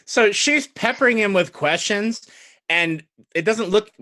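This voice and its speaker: A man narrates and referees a tabletop game as dungeon master, relaxed and easily amused. His voice is bright and forward, recorded very dry and close. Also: high voice, a little slow, no echo. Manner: relaxed, guiding, laughs often.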